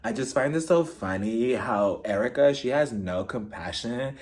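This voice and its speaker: A man imitating a snide reality TV woman in a slow, low murmur. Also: expressive, a little mellow, lightly acted.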